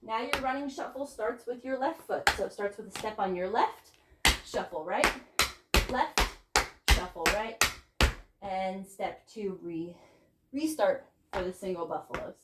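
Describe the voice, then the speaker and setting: A woman's voice: mid-range voice, expressive, a little slow, pauses often. A young woman teaching a tap dance class, counting out beats and cheering students on while out of breath. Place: dance studio. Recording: echoey room with clear noise.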